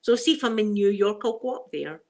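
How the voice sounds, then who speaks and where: A middle-aged Glaswegian woman from Scotland hosts an ASMR livestream, chatting casually with viewers and laughing often in strong Scots phrasing. Her voice is medium-pitched and darkish, delivered animatedly and fairly quickly.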